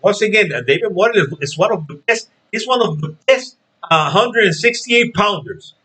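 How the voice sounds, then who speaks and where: A man hosts his own boxing vlog, talking casually and straight to his viewers. His voice sits a bit high and sounds bright and sharp. He hammers his points home by repeating them and checking in with "okay?". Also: expressive, normal speed, breathy edge, poor audio. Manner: emphatic, repeats phrases and asks "okay?". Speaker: boxing channel host.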